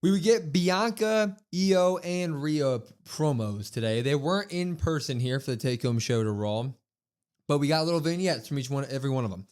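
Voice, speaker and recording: A man's voice: a little high, moderate pace, clean tone. A man co-hosting a podcast, recapping a wrestling show in casual chat and reading out quotes with emphasis. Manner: animated, reads out quotes with emphasis. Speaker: podcast co-host.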